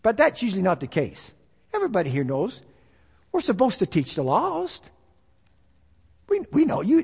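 A preacher with a notably high, husky voice delivers an emphatic sermon, driving his points home through repetition and call-and-response. A church hall's long reverb rings around him.

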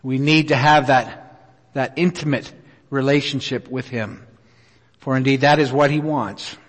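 A middle-aged man preaching a sermon, telling a personal story in an earnest, unhurried way with many pauses. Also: mid-range voice, fairly even intonation. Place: church auditorium. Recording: reverberant hall.

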